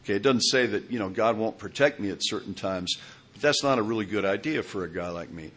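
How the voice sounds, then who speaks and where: A man in his sixties gives a personal testimony in a rather low voice. He rambles from one memory to the next and keeps checking in with his listeners as he goes. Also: a little fast, fairly bright tone. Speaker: recovery meeting speaker.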